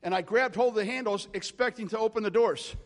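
Male preacher, forties, high voice, storytelling sermon that builds to loud calls, reverberant hall. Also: quick pace. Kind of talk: charismatic sermon.

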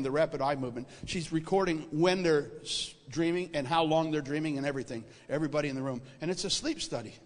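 In a hall full of reverb, a high-voiced preacher describes a dream during his sermon. His animated storytelling leans on repeated words for emphasis, and he keeps checking in with the people listening.

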